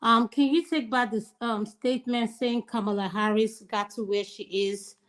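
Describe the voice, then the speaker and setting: A woman hosting a live panel, briskly calling on each panelist by name. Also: on the high side, steady tone. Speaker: host.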